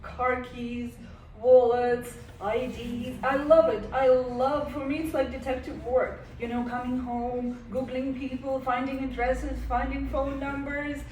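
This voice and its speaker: High-voiced woman telling a story on stage. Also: unhurried, slight background noise. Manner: animated, laughing as she tells it. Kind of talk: live personal storytelling. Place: stage before an audience. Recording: roomy hall, mic from a distance.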